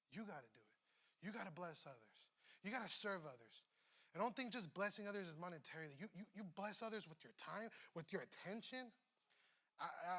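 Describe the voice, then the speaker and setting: A man's voice: sits high, a bit bright. A man preaching a casual, conversational sermon as pastor, slangy and emphatic, with rises and drops. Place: church.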